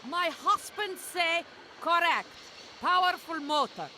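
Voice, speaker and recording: A woman's voice: extremely high pitch, animated, slow pace, sharp tone, a little hiss or hum, exaggerated voice. An actress voicing a haggling barge-owner woman in a video game, speaking blunt, broken English with a Russian accent. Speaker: game character.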